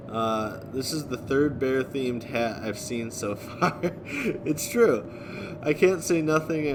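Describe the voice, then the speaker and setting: A man live-streaming, reading and answering viewer chat in a relaxed way, chuckling often. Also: mid-range voice, background noise. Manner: laid-back, chuckling often, thanking viewers.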